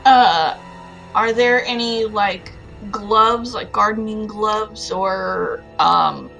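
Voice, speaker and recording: Slow-talking woman player. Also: mid-range voice, fairly even intonation, sharp tone, faint music behind, rough recording. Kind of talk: casual tabletop play.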